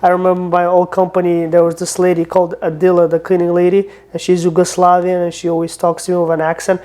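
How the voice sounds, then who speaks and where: A man with a Russian accent co-hosting a casual comedy podcast, talking in a deadpan way. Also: high-pitched, fast. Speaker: podcast co-host.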